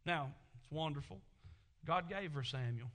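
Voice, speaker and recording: A man preaching from the pulpit with a high, bright voice. He delivers the sermon emphatically and often swells into loud exclamations. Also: expressive, normal speed. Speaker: pastor.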